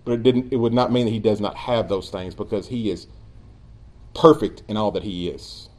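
A man preaching a sermon as pastor, earnest and emphatic, dropping at times into quiet asides. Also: lowish voice, steady tone, moderate pace.

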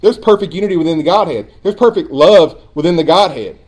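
A man preaching a sermon as pastor, earnest and emphatic, dropping at times into quiet asides. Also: sits high, lively intonation, brisk, husky.

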